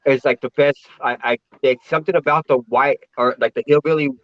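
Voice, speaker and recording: A man with an American accent chatting casually, rambling with halting restarts. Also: mid-range voice, steady tone, no room sound. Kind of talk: casual chat. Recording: dull dry lo-fi audio.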